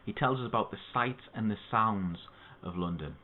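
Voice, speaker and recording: A man explains a poem to students in a steady, methodical way, now and then stopping for an aside. His voice sits a little low. The sound is thin and tinny, as if it came down a phone line. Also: normal speed, a little hiss or hum. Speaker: English literature tutor.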